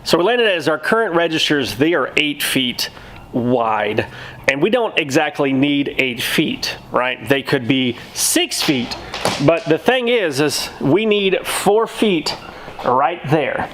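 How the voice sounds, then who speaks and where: A man with a slightly raised pitch lays out plans for the shop in a practical, explaining way, often pausing to find the word. He talks casually on a vlog inside the small store he co-owns. A faint store hum runs behind him. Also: animated, a bit bright, rough recording. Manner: practical, explanatory, many "uh" pauses. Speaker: vlog co-host, store co-owner.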